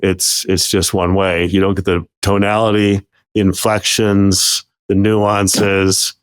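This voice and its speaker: A man's voice: sits low, little pitch movement, slow, smooth, dry recording. A man co-hosting a business interview, chiming in and affirming what the guest says. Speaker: co-host. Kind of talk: casual interview talk.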